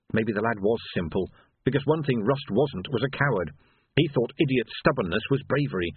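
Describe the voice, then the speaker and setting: A man reading a novel aloud as narrator, wry and measured, on a thin, phone-like recording. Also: mid-range voice, animated, husky, no echo. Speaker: audiobook narrator. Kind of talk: scripted narration. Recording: dry phone-like lo-fi sound.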